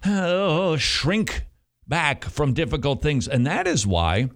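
A man's voice: on the high side, very animated, slow, fairly bright tone. A man speaking as a pastor to fellow pastors, feverish and emphatic, repeating phrases to drive them home.

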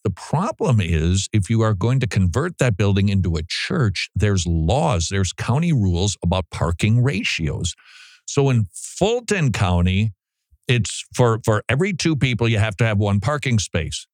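Animated joking male radio host. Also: fairly low pitch, dry recording, clean studio sound. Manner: animated, joking, laughs often. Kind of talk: casual talk-radio monologue. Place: radio studio. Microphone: studio mic.

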